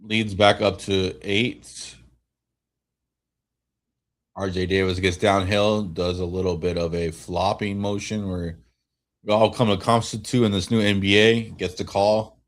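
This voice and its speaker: A man streaming a watch-along, giving relaxed fan play-by-play while tired and yawning, often restarting his sentences. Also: lowish voice, unhurried. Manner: relaxed, rambling calls with frequent self-corrections. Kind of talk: casual fan play-by-play commentary.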